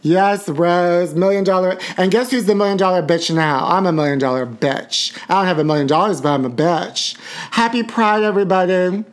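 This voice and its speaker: A man's voice: high-pitched, normal speed. A man hosting a casual livestream podcast, campy and gossipy, calling everyone honey. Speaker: podcast host. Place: home livestream. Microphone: phone or webcam.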